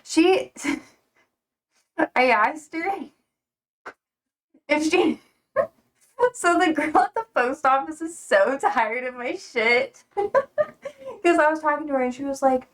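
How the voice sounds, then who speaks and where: A woman's voice: sits high, very animated. Chatty young woman rambling on stream. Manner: rambling, chatty, swears casually, quick to laugh. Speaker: live streamer. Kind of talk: casual chat to a live stream.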